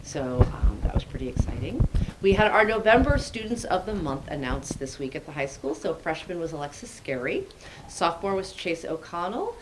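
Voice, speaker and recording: Low-voiced chatty woman at a meeting. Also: sing-song, moderate pace. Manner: chatty, upbeat, joking. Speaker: school administrator giving announcements. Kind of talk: meeting report. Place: school committee meeting room. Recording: noisy meeting recording.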